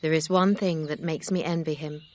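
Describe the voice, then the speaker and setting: A woman voicing a grave, kind gentleman suitor in an audiobook reading, speaking in a steady, sincere way. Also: sits low, moderate pace, a little hiss or hum, lightly acted.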